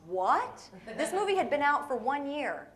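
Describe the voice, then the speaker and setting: A woman's voice: high voice, unhurried. A woman giving a playful, storytelling guest sermon to a church audience, acting out little voices and dialogue as she goes. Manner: animated, playful, acts out voices in stories. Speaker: guest speaker.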